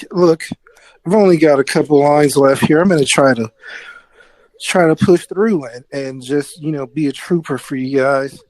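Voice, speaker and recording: Slow, high-voiced exasperated radio storyteller man. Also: a little mellow, no room sound. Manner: exasperated, halting, scolding a sound operator. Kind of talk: comedic live radio storytelling.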